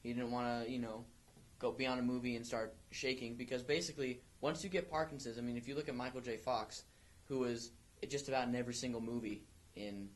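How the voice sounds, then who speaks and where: Steady in tone and brisk with few pauses, a young man speaks in a mid-range voice while co-hosting an amateur podcast. His casual conversation rambles, with lots of restarts and fillers.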